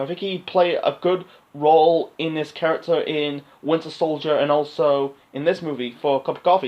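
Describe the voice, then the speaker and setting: A man talks through a film review in a loose, rambling way, stopping and restarting often. His voice sits a little high for a man. The recording is dull and lo-fi. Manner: rambling, many fillers and restarts. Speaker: movie reviewer. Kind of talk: casual unscripted review monologue.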